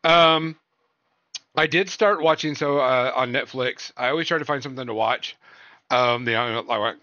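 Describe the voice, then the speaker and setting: A man's voice: medium pitch, moderate pace, sharp tone, dry recording, dull audio. A man hosting a casual podcast, reviewing shows and films in a rambling way, full of fillers and trailing off. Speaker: podcast host.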